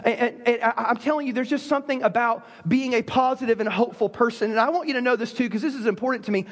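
A man preaching a sermon as pastor, telling a joke and then teaching, with animated delivery and frequent stammered restarts. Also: very high voice, fast talker.

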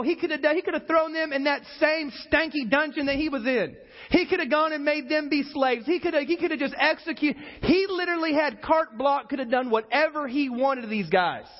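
A pastor preaching a sermon in an animated way, acting out the people in his story as he goes. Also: very high voice, highs cut off. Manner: animated preacher, acts out quoted voices.

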